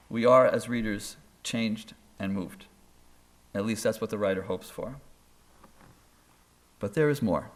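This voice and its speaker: A male author and professor giving a public lecture in a school auditorium, telling anecdotes with dry humor and building points through emphatic repetition. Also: on the low side.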